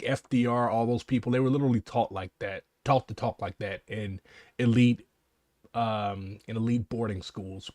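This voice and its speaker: A man's voice: on the low side, a little mellow, no room sound. Sarcastic man cutting in, dry sound. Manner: sarcastic, blunt interjections with swearing. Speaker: reaction commentator. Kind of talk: casual reaction commentary.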